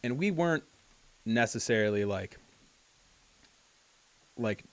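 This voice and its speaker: A man's voice: medium pitch, lively intonation, slow pace. A young man, a podcast host, chatting casually in a laid-back, joking way, full of "like".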